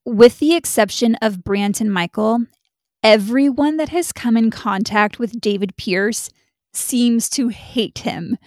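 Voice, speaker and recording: Casual blunt woman, slightly high, dry sound. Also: slow, dry recording. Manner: casual, blunt, swears freely. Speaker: podcast co-host. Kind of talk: true crime podcast chat.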